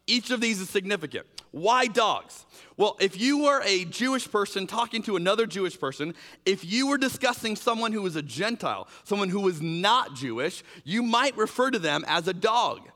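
A man's voice: high voice, normal speed, big-room sound. A man preaching a sermon as pastor, conversational with fillers, acting out quoted exchanges in changing voices. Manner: animated, acts out quoted exchanges with shifting voices; conversational, uses fillers like "like" and "you know".

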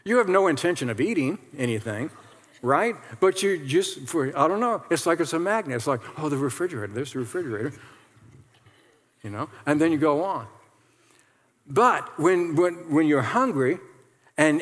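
Male pastor with a fairly high voice, chatty sermon delivery, big hall reverb. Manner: conversational, acts out quoted complainers.

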